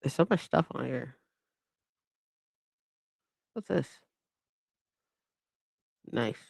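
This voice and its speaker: A woman's voice: a bass voice, animated, drawn-out words, vocal fry, a little mellow, husky, no room sound, studio quality. A woman hosting a casual live stream, chatty and bubbly, greeting viewers and laughing often.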